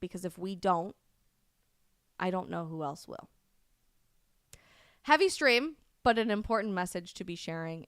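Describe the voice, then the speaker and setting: A woman hosting a live stream, delivering impassioned commentary that rises to loud, indignant peaks. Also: on the low side, clear, resonant tone, dry recording, studio quality. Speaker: host of a live stream show.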